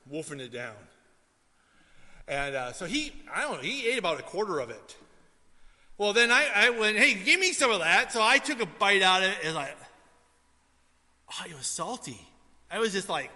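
A man preaching a sermon in a church, in a conversational style with frequent "right?" asides, swinging from hushed storytelling to loud emphasis. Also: high voice. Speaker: pastor. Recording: hall reverb.

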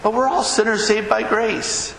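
A man preaching a sermon as pastor in a church, emphatic, climbing to near-shouts on key phrases. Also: high-pitched, steady tone, normal speed, vocal fry. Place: church sanctuary. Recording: echoey hall with background noise.

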